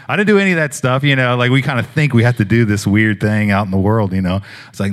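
A man preaching, telling personal healing stories in a rambling, animated way with many fillers. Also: lowish voice, quick pace. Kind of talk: sermon testimony storytelling.

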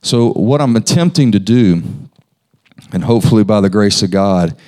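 A man's voice: on the low side, lively intonation, moderate pace, darkish tone. A man preaching a sermon, talking conversationally and asking his listeners questions. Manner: conversational, asks the congregation questions.

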